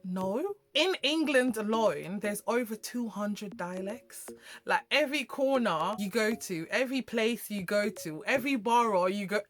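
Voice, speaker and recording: A woman from Jamaica with a Jamaican accent, chatting to camera in an animated, emphatic way with slangy asides. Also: medium pitch, measured pace. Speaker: vlogger. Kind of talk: casual chat to camera.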